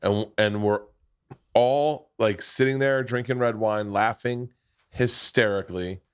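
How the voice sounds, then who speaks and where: Man, host, low-pitched, casual, profane, rambling storyteller. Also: fairly even intonation, unhurried, clean tone. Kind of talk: casual chat.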